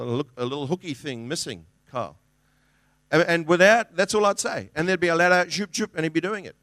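Preaching earnestly to his congregation, a middle-aged pastor keeps a conversational manner, frequently restarting sentences and performing small quotes. His slightly high, somewhat bright voice is captured close and dry, with no echo from the room.

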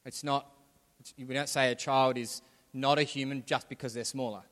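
A man's voice: mid-range voice, steady tone, moderate pace, fairly bright tone. A man preaching a sermon as pastor, talking conversationally and building to emphatic points. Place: church hall. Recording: long hall reverb.

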